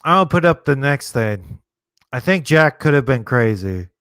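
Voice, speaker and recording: Slow, laid-back man rambling. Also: mid-range voice, very animated, fairly bright tone, clear, resonant tone, dry recording, clean studio sound. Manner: rambling, laid-back, thinks aloud with many fillers. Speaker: streamer hosting a movie watchalong. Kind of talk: casual live commentary.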